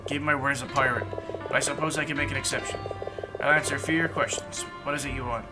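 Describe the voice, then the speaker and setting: A man's voice: mid-range voice, fairly even intonation, fast, over loud music, lightly acted, rough recording. A man reading as a grumbling frog pirate. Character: gruff male frog pirate jailer, grumbling.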